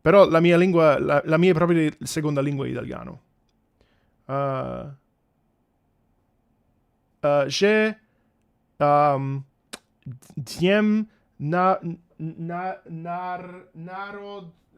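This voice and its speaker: Fairly high in pitch and clean in tone, this man's voice moves slowly with vocal fry and frequent pauses. In his thirties, he streams and sings opera, and here he chats playfully with viewers while stumbling through greetings in various languages.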